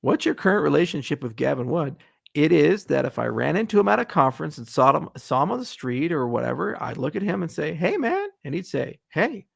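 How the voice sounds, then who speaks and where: Brief: very gravelly man, blunt, ranting, profane Q&A host, dry close sound. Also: a little high, no echo. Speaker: AMA host, venture capitalist. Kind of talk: livestream Q&A, unscripted.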